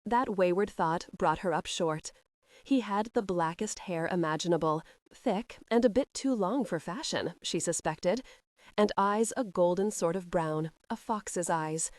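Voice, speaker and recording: Female narrator, steady audiobook read, dry close sound. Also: on the low side, measured pace, no room sound. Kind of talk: scripted narration.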